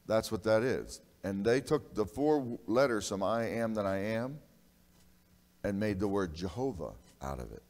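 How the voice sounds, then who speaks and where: A man pastor preaching a sermon in a church, emphatic, swinging between loud and hushed and calling out to the congregation for an amen. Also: low voice. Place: church sanctuary. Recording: long reverb of a church hall.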